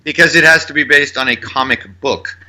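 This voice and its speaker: A man's voice: mid-range voice, brisk, bright, forceful tone. A man co-hosting a casual film podcast, talking loosely, swearing now and then and rattling off cast trivia. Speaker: podcast co-host.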